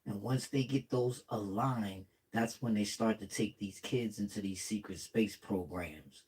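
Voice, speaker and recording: A man's voice: fairly low pitch, unhurried, a little mellow, poor audio. A man hosting a reaction vlog, talking casually and slangily straight to his viewers. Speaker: vlog host reacting to videos.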